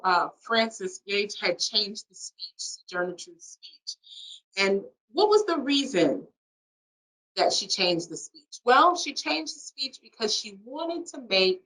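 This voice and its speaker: A woman's voice: mid-range voice, pushed and bright. A woman presenter giving an explanatory history talk in an online library program. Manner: quick, explanatory lecture. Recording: distant from the mic.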